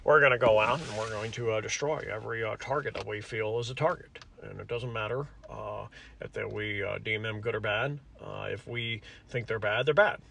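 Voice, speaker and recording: A man impersonating a blunt, ruthless older male government official, speaking in flat, low, clipped declarations. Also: moderate pace, creaky, a little hiss or hum. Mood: cold.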